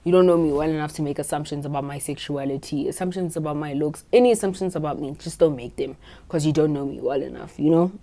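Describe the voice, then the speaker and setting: A young woman in her twenties talks through a story in a casual podcast monologue. Her voice sits low for a woman, and she speaks bluntly, swears freely and sounds completely sure of herself. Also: fast talker, hardly any pauses, warm tone. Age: 20s. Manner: blunt, profane and self-assured. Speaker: podcast host.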